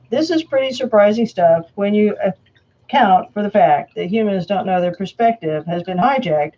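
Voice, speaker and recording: A woman reading a prepared statement aloud, slowly and emphatically. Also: mid-range voice, warm tone, dull audio. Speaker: self-proclaimed Antichrist answering questions.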